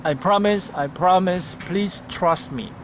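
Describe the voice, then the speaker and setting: A man's voice: slow, slight background noise. A man voicing a starving male scorpion in a spoken fable, crying out and pleading for help. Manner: shrill pleading cries.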